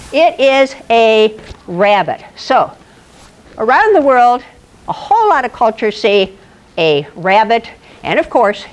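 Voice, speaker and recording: A woman giving a playful astronomy presentation to a live audience, telling stories and quizzing the room. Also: fairly high pitch. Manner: playful, animated, asks the audience questions. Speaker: presenter at an astronomy club talk. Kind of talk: lively storytelling lecture.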